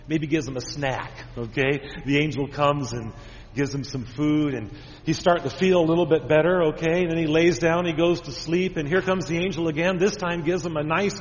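A man's voice: a little high, slight background noise. Man preaching to children in a reverberant church. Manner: asks children many simple questions. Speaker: pastor. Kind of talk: children's sermon. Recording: dull recording with long church reverb.

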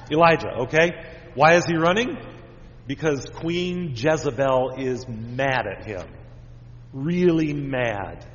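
A man's voice: medium pitch, a little hiss or hum. Man preaching to children in a reverberant church. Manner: asks children many simple questions. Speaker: pastor. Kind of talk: children's sermon. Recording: dull recording with long church reverb.

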